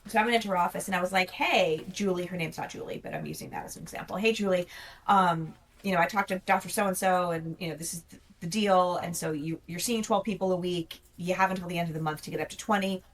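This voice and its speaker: A woman's voice: lowish voice, lively intonation, quick pace, recorded from a distance. A woman veteran chatting casually on a podcast, blunt and full of stories. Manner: blunt, storytelling, frequent "like" and "yep". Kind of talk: casual chat.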